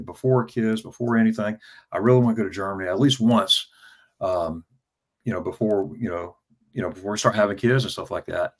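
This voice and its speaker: A man in his fifties with a somewhat low voice tells a rambling personal story. He stumbles over his words, doubles them up and fills gaps with "uh" as he goes. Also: a little fast. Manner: stammering, repeats words, many fillers. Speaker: travel vlogger telling his story as an interview guest. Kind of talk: casual storytelling in an interview.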